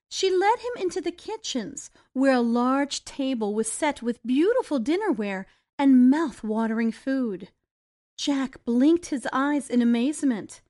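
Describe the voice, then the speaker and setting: A woman narrating a children's storybook in a deliberate, expressive way. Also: sits high.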